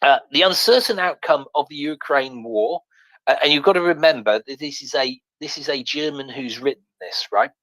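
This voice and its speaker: A man's voice: mid-range voice, moderate pace, pushed and bright, no echo, poor audio. A man hosting a live audio chat, reading an article aloud with many fillers, restarts and wry asides. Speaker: host.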